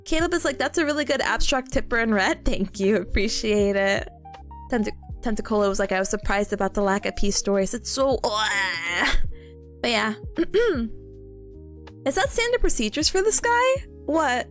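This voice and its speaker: A woman's voice: on the high side, moderate pace, faint music behind. A young woman streaming, telling a rambling story to her chat with lots of nervous giggling. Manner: giggly, frequent nervous laughter; animated, rambling story with restarts. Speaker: live streamer and nursing student.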